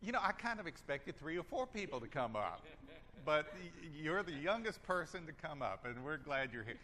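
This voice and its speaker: Southern pastor guy chatting to the congregation, bright voice, echoey church hall. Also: on the high side, sing-song. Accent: Southern American. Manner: gentle, chatty, halting with restarts. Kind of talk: casual church announcements. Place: church sanctuary. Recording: hall reverb with faint ambience.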